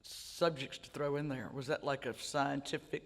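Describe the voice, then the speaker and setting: A woman's voice: a bass voice, fairly even intonation, moderate pace. A woman spins rambling, self-mocking stories on a festival stage. Her voice rings out through a large, echoing hall. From Mississippi Delta. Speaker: author on a festival panel. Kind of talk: casual onstage storytelling. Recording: reverberant hall, stage mics.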